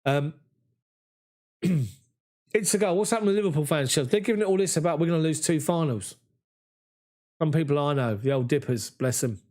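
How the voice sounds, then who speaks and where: A man, hosting a live fan chat after a match and reading viewer comments in an excitable, chatty way. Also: on the high side, fairly quick, long pauses. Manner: excitable, chatty, mimics voices in anecdotes. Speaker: fan channel host.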